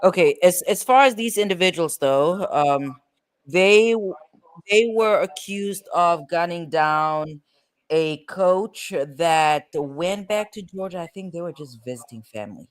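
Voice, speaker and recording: A man's voice: high voice, lively intonation, unhurried, clean tone. A man hosting a casual show about court cases, chatty and rambling with fillers and restarts. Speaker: host.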